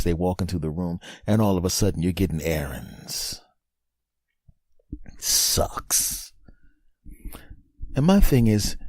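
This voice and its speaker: A man hosting a podcast, delivering a comedic monologue and acting out imagined scenes with lively animation. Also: sits low, no echo, clean studio sound. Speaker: podcast host.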